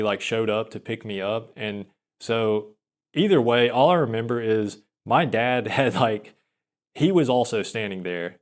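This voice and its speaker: A young man telling a long personal story in casual chat, rambling and self-deprecating, with frequent restarts and small laughs. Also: on the low side. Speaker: podcaster.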